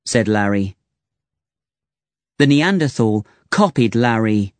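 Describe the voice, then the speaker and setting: Slow, deliberate storybook narrator, man. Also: fairly low pitch, no room sound.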